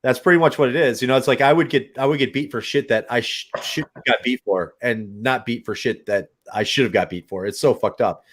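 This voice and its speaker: A man chatting casually, animated and swearing often, acting out other people's voices. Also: mid-range voice, fairly quick, hardly any pauses. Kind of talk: casual chat.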